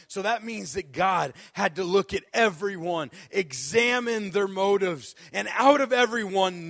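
Guest preacher, male, lively storyteller with a comic streak, dry close sound. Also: high-pitched, no room sound. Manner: animated storyteller, laughs often, acts out moments. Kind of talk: sermon with a comic personal story.

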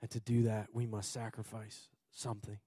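A pastor from Minnesota, USA, preaches in a fairly low, warm voice, keeping a level tone at a moderate pace. His manner is earnest and emphatic, full of repeated phrases with occasional laughter, captured in studio quality without room sound.

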